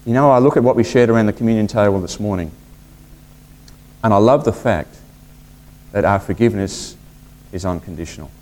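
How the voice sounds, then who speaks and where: A male pastor delivering a sermon with plenty of expression. His voice climbs when he acts out what people say and sinks to a near hush on key words. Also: brisk, long pauses. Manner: expressive preaching, acting out quotes with big pitch swings and hushed drops.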